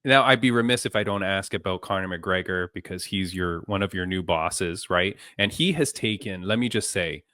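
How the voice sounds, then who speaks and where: Brief: male podcast host, low voice, dry close sound, loose chatty delivery. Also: normal speed, hardly any pauses, bright, forceful tone, no room sound. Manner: chatty, many fillers and restarts. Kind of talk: casual interview chat.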